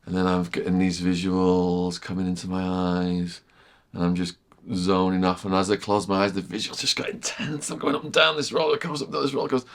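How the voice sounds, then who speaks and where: A middle-aged man telling a vivid story as a podcast guest, repeating phrases and sinking to a hushed near-whisper at tense moments. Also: low-pitched, flat delivery, fairly quick. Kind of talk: storytelling in casual chat.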